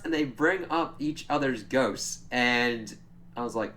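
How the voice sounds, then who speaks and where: A man's voice: mid-range voice, unhurried, a bit bright. A man giving a casual, chatty spoiler recap of a TV episode, swearing freely and laughing as he retells scenes. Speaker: show reviewer.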